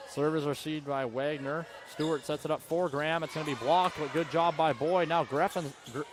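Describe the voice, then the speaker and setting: Young man calling volleyball play-by-play. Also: a little high. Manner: brisk play-by-play, self-correcting. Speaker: play-by-play commentator. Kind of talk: high school sports commentary. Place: school gymnasium. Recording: faint gym noise behind.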